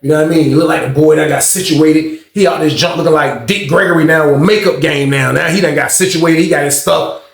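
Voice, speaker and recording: A man's voice: on the high side, fairly even intonation, a little fast, creaky, few pauses, reverberant. A man telling a story in a casual, slangy way, acting out the people he quotes. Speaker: storyteller, channel host.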